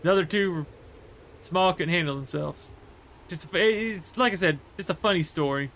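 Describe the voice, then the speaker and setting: A man's voice: high voice, moderate pace, a bit bright, slight background noise. A man livestreaming a game, chatting casually and rambling through a story with many fillers. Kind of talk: casual chat while gaming.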